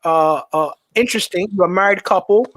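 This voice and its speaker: A man's voice: high voice, fairly quick, fairly bright tone. A man with a New York accent hosting a call-in livestream show, teasing his callers in a casual way and often restarting his words.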